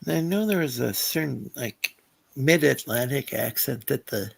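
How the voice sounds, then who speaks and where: Husky, gravelly man hosting. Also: medium pitch, animated. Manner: halting, hesitant with many fillers. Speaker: host. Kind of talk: casual chat.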